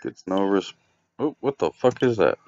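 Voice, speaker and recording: A man's voice: lowish voice, expressive, normal speed, darkish tone. A man playing a game and reading its dialogue aloud, with sarcastic, swear-heavy casual commentary, in a dull lo-fi recording. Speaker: let's play gamer.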